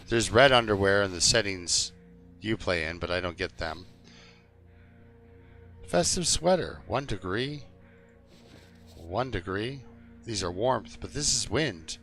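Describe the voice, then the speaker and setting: A low-voiced man rambles through a live game stream, joking with his chat. His voice is gravelly with a bright, edgy tone, and faint music plays behind him. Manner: rambling, jokey, talks to chat. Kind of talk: casual live-stream commentary.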